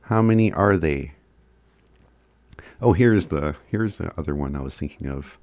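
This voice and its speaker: A man teaching phrases in a casual recorded lesson, chuckling often and sounding words out slowly. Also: rumbling low, lively intonation, a little mellow, no echo. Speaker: language teacher.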